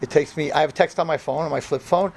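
With a fairly high voice full of vocal fry, a rabbi talks fast through a comic story-sermon for a room of yeshiva students. He animatedly acts out the dialogue while background noise carries on.

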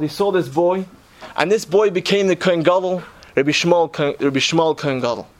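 A man preaching, telling a story earnestly and posing rhetorical questions to his listeners. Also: high-pitched. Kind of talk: sermon storytelling.

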